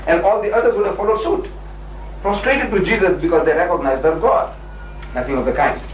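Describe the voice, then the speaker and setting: Arguing with emphatic force in a lively religious debate, a man slips into little performances of the people he quotes. His slightly high voice moves a little fast and is heard from a distance in an echoey room, with a faint hiss running under the whole old recording.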